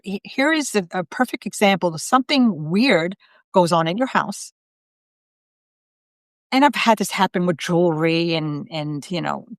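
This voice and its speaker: A middle-aged woman, a psychic medium, talks on her live video in a loose, chatty way. Her voice sits low and sounds dry, with no room around it. She fills her story with ums and quoted back-and-forth. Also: dry recording. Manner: chatty, retells conversations with quoted voices, many fillers. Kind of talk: casual storytelling on a live stream.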